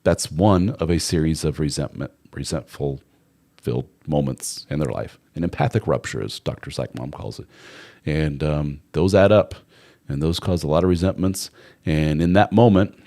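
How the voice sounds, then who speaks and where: A man's voice: extremely low pitch, moderate pace, mellow. A man hosting a live relationship advice stream, talking casually and bluntly, with some swearing and playful mock voices for the people he quotes.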